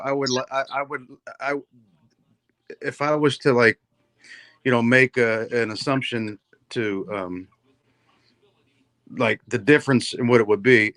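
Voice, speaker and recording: A man's voice: mid-range voice, a bit bright, no room sound. Middle-aged man, teasing co-host with dry sound. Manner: laughs often, interrupts and teases. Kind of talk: casual chat. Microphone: video call.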